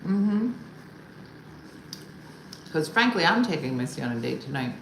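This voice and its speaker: She speaks unhurriedly in a low, sing-song voice with vocal fry, hosting a casual comedy livestream from a home room. Wry and exasperated, she recounts stories about her partner, answers viewer comments, and imitates her husband loudly, all in an echoey space with a faint hum.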